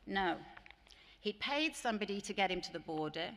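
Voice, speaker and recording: A woman's voice: mid-range voice, expressive, moderate pace. A woman with an English accent giving a conference plenary to teachers, telling earnest stories and mimicking voices in quoted dialogue. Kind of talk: conference keynote talk with anecdotes. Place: large conference hall. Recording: long hall reverb.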